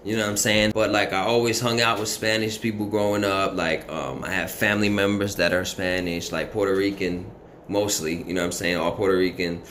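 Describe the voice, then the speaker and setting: A man's voice: low voice, level tone, a little fast, a bit bright, slight background noise. A man casually telling a story from his own life in a rambling, profane way, full of "you know what I mean" fillers.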